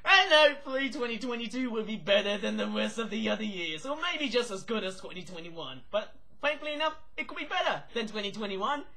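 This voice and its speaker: High, bright-voiced Australian-sounding man. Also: a little fast, hardly any pauses, rough recording. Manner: excitable, exclaiming, laughing often. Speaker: reaction channel host. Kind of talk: casual reaction commentary.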